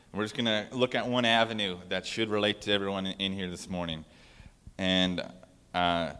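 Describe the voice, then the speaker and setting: A man's voice: fairly low pitch, a bit bright, smooth. Conversational male pastor in a reverberant hall. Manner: conversational, with fillers and restarts. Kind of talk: casual sermon.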